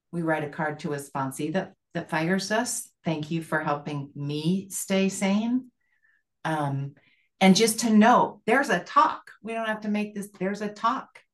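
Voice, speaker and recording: Woman, lower voice, earnest rambling share at a recovery meeting. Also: fairly bright tone. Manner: rambling, earnest, many fillers. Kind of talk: sharing at a support group call.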